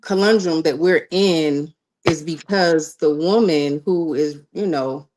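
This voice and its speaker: A woman speaking as a guest on a panel discussion, with a voice lower than most women's. She reasons carefully and checks that she has understood before pressing her point. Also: takes it slowly, a little mellow.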